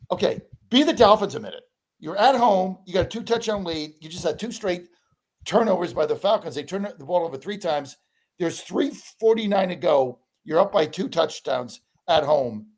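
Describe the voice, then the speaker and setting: Excitable man in his sixties. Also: fairly high pitch, low-quality recording. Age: 60s. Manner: animated, excitable storyteller. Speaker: regular co-host. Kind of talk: casual sports betting chat.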